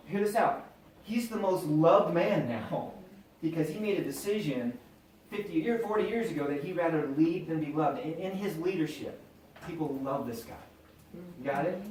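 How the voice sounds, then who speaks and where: A middle-aged man giving an animated, chatty motivational talk to a live audience, acting out bits of dialogue. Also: fairly high pitch, slight background noise. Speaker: motivational speaker. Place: event hall with audience. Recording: echoey room, voice from a distance.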